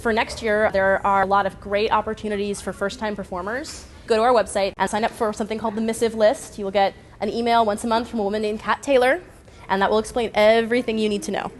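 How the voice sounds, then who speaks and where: A woman's voice: medium pitch, little pitch movement, fast. A woman who teaches workshops, talking enthusiastically about performing at a fair.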